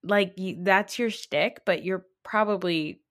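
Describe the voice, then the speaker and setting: A woman's voice: medium pitch, measured pace, a bit bright. A woman hosting a podcast, giving a tired, sarcastic, rambling recap of a reality show, swearing now and then. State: tired, late at night. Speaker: podcast host.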